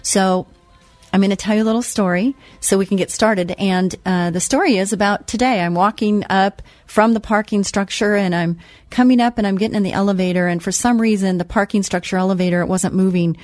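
A woman's voice: medium pitch, fairly quick, darkish tone, dry recording. A woman hosting a Christian radio talk show, telling a personal story in a chatty way with frequent restarts.

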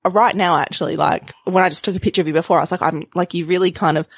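A woman's voice: fairly low pitch, very fast, slightly rough, no room sound. A woman hosting a podcast, chatting with many likes and ums. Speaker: podcast host. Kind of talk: casual interview chat.

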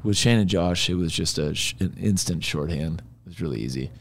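A man's voice: low voice, brisk, gravelly. A man, a musician guest, telling stories in a casual, rambling chat. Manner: rambling, animated storyteller.

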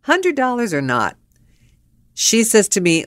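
A middle-aged woman hosting a podcast, telling stories in an animated, blunt way, laughing and swearing. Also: deep voice, a little slow, no room sound, studio quality. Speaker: podcast host. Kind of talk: storytelling monologue.

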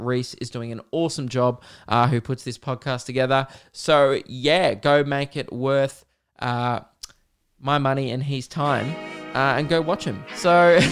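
Sweary, rambling podcast host. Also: male voice, medium pitch, fairly bright tone, clear, resonant tone. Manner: candid, sweary and rambling, with mocking put-on voices. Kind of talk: solo casual podcast chat.

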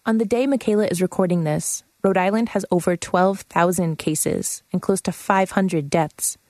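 A woman narrating a radio feature in a measured, matter-of-fact scripted way. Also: lowish voice, darkish tone, no echo.

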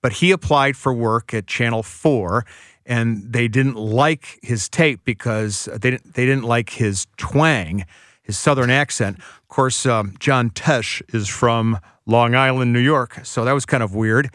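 A man's voice: medium pitch, unhurried, fairly bright tone, no echo, studio quality. A male author, a guest on a radio show, who tells one anecdote after another in a chatty way. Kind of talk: radio interview.

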